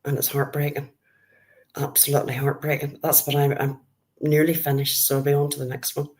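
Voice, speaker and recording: A woman's voice: low-pitched, flat delivery, brisk, darkish tone. A middle-aged Northern Irish woman chatting on a live stream, greeting viewers by name and calling them love. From Northern Ireland.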